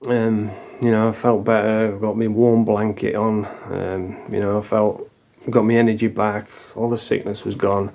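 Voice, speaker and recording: A man's voice: on the low side, little pitch movement, moderate pace, creaky, few pauses, darkish tone. A middle-aged man from England telling his own story in a blunt, sweary, confessional way. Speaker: vlogger. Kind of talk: casual storytelling.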